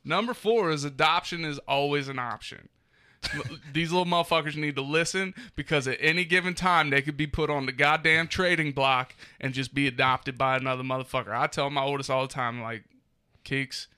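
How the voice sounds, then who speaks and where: A man's voice: fairly high pitch, fairly quick, sharp tone, clear, resonant tone. A man co-hosting a podcast, ranting profanely in a mock-angry way about raising his kids. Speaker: podcast co-host. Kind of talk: crude comedic podcast chat. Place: studio.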